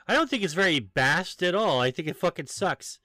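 A man's voice: high-pitched, lively intonation, normal speed, bright, forceful tone, dry recording, clean studio sound. A man hosting a podcast in casual chat, ranting and joking with heavy swearing. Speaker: podcast host.

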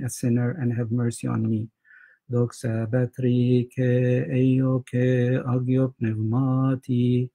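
Dark, husky man reading church prayers. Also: medium pitch, low-quality recording. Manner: steady, even recitation with repeated chanted responses.

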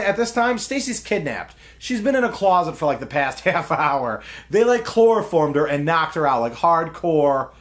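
A man hosts a casual film breakdown and retells scenes with animated character voices. His pitch is a little high and swings widely. He laughs often as he goes. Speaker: film review host.

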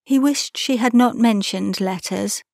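A woman narrating a classic children's storybook as an audiobook reader, measured and expressive. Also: on the high side, creaky, no echo, studio quality.

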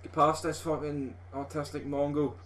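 Speaking at a moderate pace in a slightly high voice, this young Scottish man swears his way through live gameplay commentary. He hosts gaming videos and gets as rowdy and excited as a football supporter.

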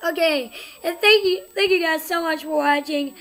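A woman's voice: very high voice, expressive, a little slow, fairly bright tone, soft background music. A young woman hosting a gaming channel, giving jumpy horror let's play commentary, shrieking and laughing at scares.

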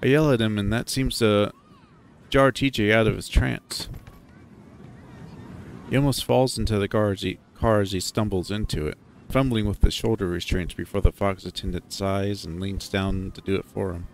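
A man narrating a first-person story in a conversational, animated way. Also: on the low side, moderate pace, slight background noise.

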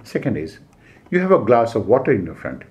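A man with an Indian English accent lecturing as an exam coach, giving numbered points with frequent "uh" pauses and repeated key phrases. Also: mid-range voice, huge pitch swings, dull audio. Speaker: civil service exam coach. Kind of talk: classroom lecture.

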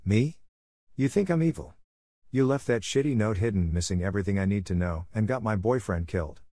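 A man's voice: lowish voice, lively intonation, fairly quick, mellow, no room sound, clean studio sound. A man reading as an upset young woman. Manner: upset, stammering. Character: shaken young woman defending herself.

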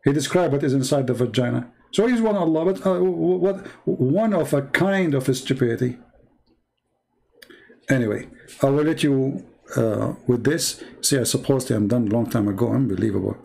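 A man's voice: mid-range voice, normal speed, creaky, mellow, slightly rough. A man from the Middle East whose native language is Arabic, hosting a live stream in English with an Arabic accent and mocking his opponent sarcastically. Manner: broken English grammar. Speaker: host.

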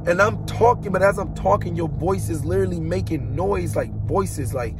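High-voiced man telling a dramatic testimony. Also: moderate pace. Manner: dramatic, colloquial, imitates booming sounds. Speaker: vlogger giving a testimony. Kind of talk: emotional personal testimony. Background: instrumental music.

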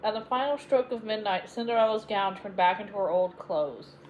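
A woman reading a children's fairy tale aloud as a bedtime story, in a gentle, clear read-aloud manner. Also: medium pitch, normal speed, muffled recording, slight background noise. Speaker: storybook reader.

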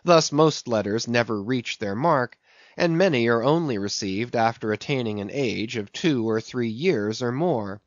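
A man's voice: medium pitch, no echo. Man reading an audiobook aloud. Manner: measured, steady reading. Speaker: audiobook narrator. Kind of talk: scripted audiobook narration. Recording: dull, dry recording.

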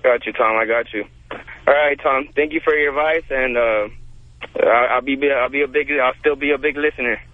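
A young man calling a radio show for career advice, polite and hesitant, with halting speech. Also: mid-range voice, no room sound. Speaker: caller. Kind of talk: phone-in call. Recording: tinny phone line, dry.

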